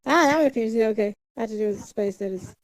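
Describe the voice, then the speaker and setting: A woman's voice: a little high, racing, poor audio. A woman livestreamer in casual chat, muttering to herself as she sets things up and humming nonsense syllables. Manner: chatty, mutters to herself while setting up; hums and sings nonsense syllables.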